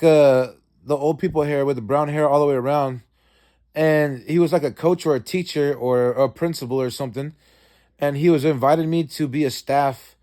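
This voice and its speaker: A man casually recounting a dream in a rambling, profane way, with many fillers and restarts, and he acts out quoted lines with sudden jumps in pitch. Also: dark tone.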